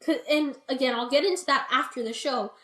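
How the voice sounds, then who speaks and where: A young adult woman, an interview guest and bikini competitor, telling her story in a chatty, animated way with lots of "like" and "you know". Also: high-pitched, a little fast. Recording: roomy echo.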